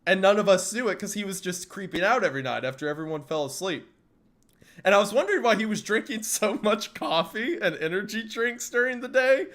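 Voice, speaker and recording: A man casually telling a family story, animated and laughing often, acting out quoted lines loudly. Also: high-pitched, fairly quick. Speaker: streamer.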